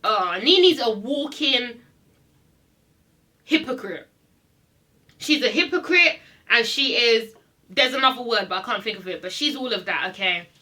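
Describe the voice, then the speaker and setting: A woman's voice: a little high, expressive, unhurried, pauses often, bright, forceful tone. A woman recapping a reality TV episode in a blunt, sassy rant, swearing freely and repeating herself for emphasis. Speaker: reality TV reviewer. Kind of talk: casual ranting recap.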